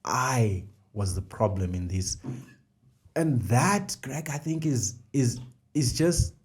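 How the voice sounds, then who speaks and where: The speaker, a middle-aged man, has a medium-pitched voice with lively intonation and a slow delivery. He co-hosts a faith podcast, talking conversationally as he builds ideas step by step and repeats key phrases.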